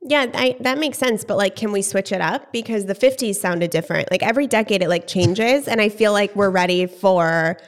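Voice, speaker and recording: A woman's voice: medium pitch, fairly quick, few pauses. A young woman co-hosting a podcast, chatting and musing casually with her sister. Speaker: podcast co-host.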